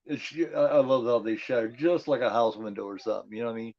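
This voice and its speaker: A man's voice: mid-range voice, fast, dry recording, lo-fi sound. Chatty, profane man talking over a movie. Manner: chatty, profane, talks back at the screen. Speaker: watch-along commentator. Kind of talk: casual movie commentary.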